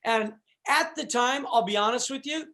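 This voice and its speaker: A man with a high speaking voice tells a story as a guest on a talk show. He meanders through it, doubling back on his words and dropping in asides as he goes. His delivery is casual and conversational. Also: moderate pace, bright, forceful tone. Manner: rambling, with restarts and "you know".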